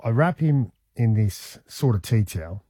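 A man, telling a long personal story on a radio show in an animated, conversational way. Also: fairly low pitch, a little slow, husky, no room sound, clean studio sound. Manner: animated, conversational, says "man" and "mate" often. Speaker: radio host.

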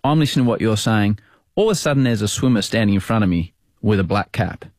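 A man, a sports broadcaster hosting, telling a story in casual chat with quick bursts of speech. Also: fairly low pitch, animated, a little mellow, dry recording, clean studio sound.

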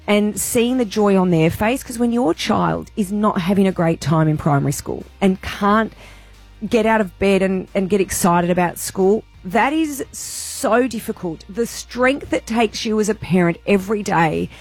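A woman radio host, speaking in a heartfelt, animated way about a charity appeal. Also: mid-range voice, measured pace, husky, no echo, faint music behind. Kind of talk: breakfast radio chat.

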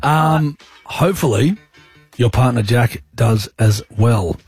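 A man's voice: medium pitch, slow, darkish tone, husky, dry recording, faint music behind. A man with an Australian accent hosting a radio segment, chatting in a blokey, joking way. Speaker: radio host. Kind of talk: casual radio banter.

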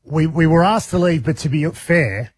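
A man's voice: a little high, moderate pace, breathy edge, no echo, studio quality. An Australian man co-hosting breakfast radio, telling a rambling story and laughing as he goes. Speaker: radio co-host reporting from abroad. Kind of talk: casual breakfast radio banter.

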